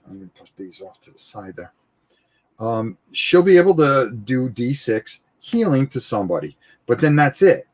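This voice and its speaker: A man with a husky, slightly rough voice talks through a board game at his table. He hosts a live stream, explains the rules in a loose, chatty way and thinks aloud as he goes. He keeps saying "all right" and often repeats words. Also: medium pitch. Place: indoors at a gaming table, filmed from overhead.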